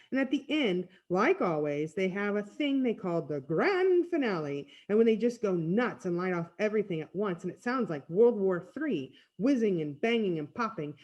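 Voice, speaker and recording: A woman reading a storybook aloud in first person, with expressive storytelling. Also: mid-range voice. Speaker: reader. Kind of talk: read-aloud storybook narration.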